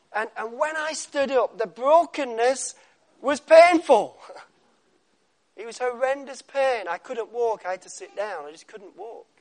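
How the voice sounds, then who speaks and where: Slow, dramatic male preacher. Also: sits high. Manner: dramatic pauses, drops to a soft hush on key words. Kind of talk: sermon.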